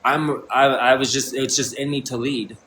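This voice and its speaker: A man's voice: mid-range voice, steady tone, normal speed, sharp tone, slight background noise, poor audio. A man in his thirties livestreaming a rambling, intense monologue, swearing often and restarting his sentences. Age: 30s. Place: indoor room.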